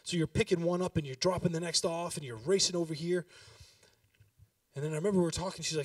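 A man's voice: a little high, fast, no echo, studio quality, distant mic. A pastor in his thirties giving a sermon, talking with the congregation and building to emphatic exhortation.

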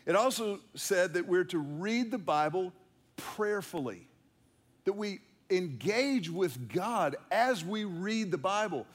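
Man preaching, high voice, conversational, playful asides, repeats himself for emphasis. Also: lively intonation, takes it slowly. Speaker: pastor. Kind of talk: sermon.

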